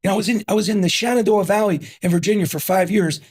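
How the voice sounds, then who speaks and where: Speaking fast, a husky-voiced guest on an interview show, a man in his fifties from New Jersey, recounts his story in an energetic, punchy manner. He hammers his points with repetition, and his voice is a bit high for a man.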